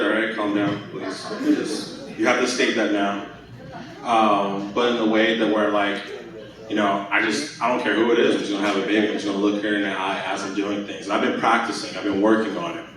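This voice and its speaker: Young man rambling through a stand-up set. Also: lowish voice. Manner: rambling, filler-heavy, crude. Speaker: stand-up comedian. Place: comedy club stage. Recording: echoey club recording from far off.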